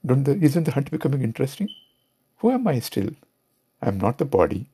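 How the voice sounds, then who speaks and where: A man's voice: mid-range voice, sing-song, brisk, mellow, breathy edge. A man with an Indian English accent giving a reflective spiritual talk, asking rhetorical questions as he goes. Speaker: spiritual teacher.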